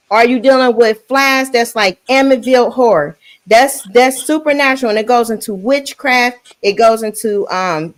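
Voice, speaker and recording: A woman hosting a casual panel chat, talking frankly and laughing often as she speaks. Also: on the high side.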